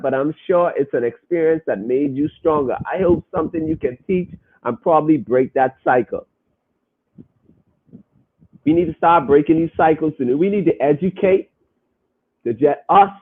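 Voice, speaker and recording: A young man with a somewhat high, husky voice talks in an earnest and emphatic way as he hosts a casual podcast. His speech is informal and direct. The sound is narrow and thin, like a phone line. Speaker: podcast host. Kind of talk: casual live podcast talk.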